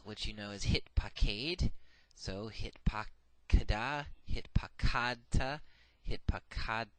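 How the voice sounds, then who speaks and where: Man lecturing a grammar course: a somewhat low, dry-recorded voice, patient and methodical, with plenty of "uh"s. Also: sharp tone, clean tone, no echo, poor audio. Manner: methodical, recites paradigms slowly, frequent "uh" fillers. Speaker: Hebrew grammar teacher.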